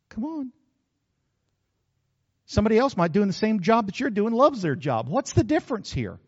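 A man's voice: high voice, sing-song, normal speed, long pauses, breathy edge, big-room sound, muffled recording. A male pastor preaching a sermon, folksy and joking, with frequent asides to the congregation.

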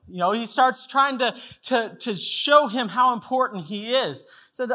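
High bright-voiced guy preaching, retells the story and plays all the parts. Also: expressive, normal speed. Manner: storytelling, acts out quoted voices. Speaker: pastor. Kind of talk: sermon.

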